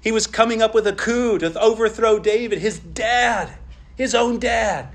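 High-voiced earnest preacher man. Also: unhurried. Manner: earnest preaching, voice rising on quoted pleas and dropping low on asides. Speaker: pastor. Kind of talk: sermon.

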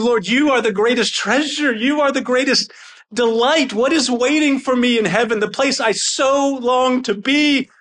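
A man preaching a sermon with fervent, excited intensity that sounds almost angry. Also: extremely high pitch, normal speed. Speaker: pastor.

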